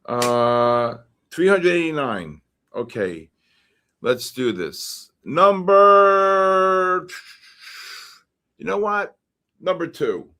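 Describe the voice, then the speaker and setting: A man hosting a livestream, reading out numbers and usernames for a giveaway and getting excited about each winner. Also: on the high side. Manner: excitable, shouts when names are drawn. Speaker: livestream host. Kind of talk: live-stream giveaway draw.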